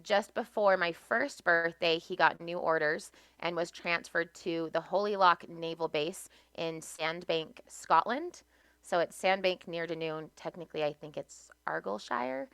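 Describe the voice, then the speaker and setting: A woman with an American accent tells stories in an animated, easy way. Her voice is low for a woman, but bright and crisp, and the recording is dry and close. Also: measured pace, dry recording. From United States. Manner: animated, laughs often while telling stories. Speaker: podcast guest. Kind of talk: casual storytelling.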